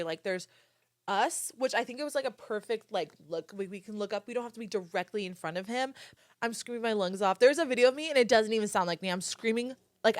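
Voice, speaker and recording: A young woman in her twenties hosting a podcast, telling a story in casual chat, animated and swearing freely while she acts out quotes. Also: fairly high pitch, dry recording, clean studio sound. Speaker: podcast host.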